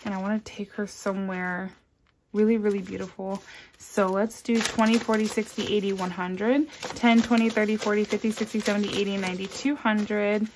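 In a casual cash-stuffing video, a budgeting vlogger counts bills aloud in a soft, low murmur, turning chatty and upbeat with friendly asides between counts. Her delivery is flat and a little fast, with a noisy background and a faint rustle behind her.

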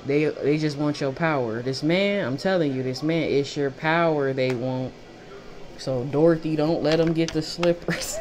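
A woman with a low-pitched voice does a casual tarot reading at a moderate pace over a noisy background. She's blunt, profane, and fired up, swearing freely and repeating phrases for emphasis.

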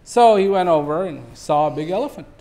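A man in his fifties addresses a gathering as a guest speaker. He tells a fable in a relaxed, storyteller's way, with a voice slightly higher than most men's. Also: a little fast. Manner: relaxed storyteller, acts out animals. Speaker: invited speaker. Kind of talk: speech with storytelling.

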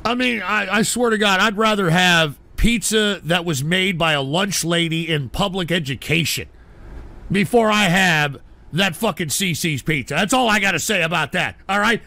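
A man hosting a livestream, short-tempered, swearing and shouting at his viewers. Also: high-pitched, normal speed, vocal fry, no echo. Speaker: livestream host. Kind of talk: ranting livestream talk.

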